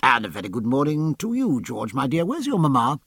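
A man's voice: medium pitch, huge pitch swings, brisk, vocal fry, fairly bright tone, breathy edge, no echo, studio quality, full character voice. A man playing a middle-aged naval officer husband in an audiobook, earnest and pleading. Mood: cordial. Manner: earnest, pleading, then harsh. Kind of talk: audiobook character voice.

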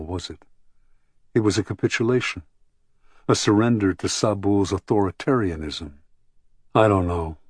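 A man's voice: on the low side, darkish tone, breathy edge, no echo, clean studio sound. A man voicing a frank, self-critical woman. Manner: earnest, reflective. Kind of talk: audiobook character reading.

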